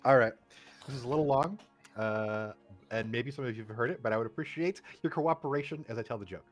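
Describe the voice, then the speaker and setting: A man's voice: medium pitch, soft background music. A man playing a social deduction game over voice chat, earnestly telling a long joke. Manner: earnest, deliberate storyteller. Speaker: game player. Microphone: push-to-talk voice chat.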